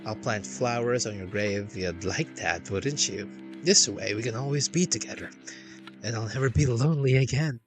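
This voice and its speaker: Clingy gravedigger lady, soft coaxing voice, read by a man, game music behind. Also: medium pitch, moderate pace, natural voice. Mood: soothing. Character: lonely doting female gravedigger, gently unhinged.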